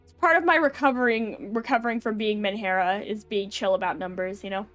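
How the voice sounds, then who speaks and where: A woman's voice: medium pitch, a little fast, a bit bright, soft background music. A young adult woman chatting casually on a live stream, rambling with lots of fillers and giggles. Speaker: VTuber streamer.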